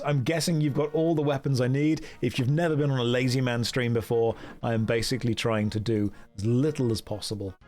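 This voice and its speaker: A British man chatting casually on a game stream, joking, mocking himself and reading out chat. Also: mid-range voice. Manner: joking, self-mocking, reads chat aloud.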